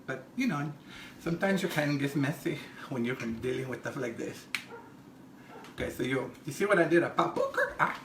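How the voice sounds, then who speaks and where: A man plays a brassy, gossipy middle-aged Mexican-American woman hosting a comedic cooking show, his voice pitched up and swinging wildly between squeals and low mutters, bright and sharp. Animated and chatty at a moderate pace, she giggles and makes crude asides while demonstrating a recipe. The echoey kitchen has a little hiss or hum.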